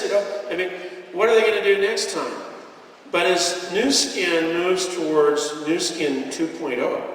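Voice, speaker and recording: Man, slightly high voice, earnest inspirational stage speaker, recorded from the back of a big reverberant hall. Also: slight background noise. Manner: earnest, heartfelt, with gentle jokes. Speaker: guest speaker at a business convention. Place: large convention hall, indoors. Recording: echoey hall, voice picked up from far off.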